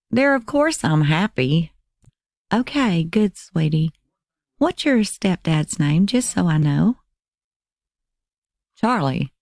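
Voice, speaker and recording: A woman narrating a crime channel, reading text messages aloud in a measured, even voice. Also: on the low side, no echo, studio quality.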